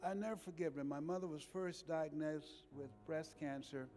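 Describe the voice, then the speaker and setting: Older guy preaching motivation in a big hall, high voice, lots of echo, music under it. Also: normal speed, a little mellow. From United States. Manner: preacherly, swells and drops in volume, repeats phrases for emphasis. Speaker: motivational speaker. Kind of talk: motivational speech to a live audience.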